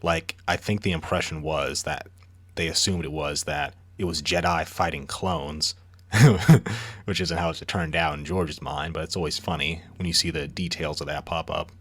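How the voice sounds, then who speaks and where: A man's voice: very deep voice, steady tone, moderate pace, bright, forceful tone, breathy edge. A man co-hosting a podcast, recapping a book's plot in loose, profane casual chat. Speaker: podcast co-host. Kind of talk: casual book discussion chat.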